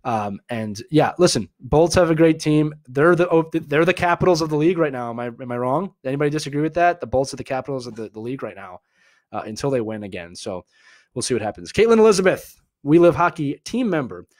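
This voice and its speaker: A man from Philadelphia with a Philly accent, hosting a live hockey chat and answering viewer questions in a chatty, animated way. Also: medium pitch, quick pace, dry recording, studio quality. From Philadelphia, USA. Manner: animated, chatty, full of filler words and asides.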